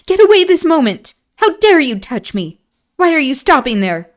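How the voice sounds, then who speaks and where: Woman reading as a haughty young lady, high voice, loud, indignant, storybook reading. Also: animated, moderate pace, lightly acted. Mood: outraged. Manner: indignant, clipped outbursts. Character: proud scornful young woman, sharp-tongued and cold.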